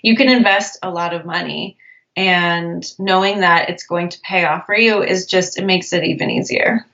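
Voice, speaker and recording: Upbeat woman publisher, low and lo-fi. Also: moderate pace, gravelly, fairly bright tone. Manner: upbeat, practical advice-giving. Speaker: publisher guest. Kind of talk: casual interview chat.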